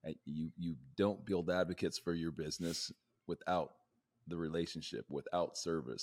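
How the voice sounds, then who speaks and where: A man's voice: deep voice, moderate pace. A man hosting a sales podcast, praising his guest and setting up questions with playful enthusiasm. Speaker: podcast host. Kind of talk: casual podcast interview.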